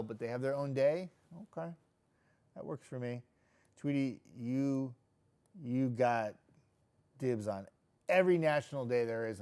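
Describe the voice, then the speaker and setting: A man's voice: medium pitch, darkish tone. A middle-aged man, a TV weatherman hosting a casual live stream, chatting loosely with viewers and reading out their comments. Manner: chatty, loose, jokey, with frequent restarts.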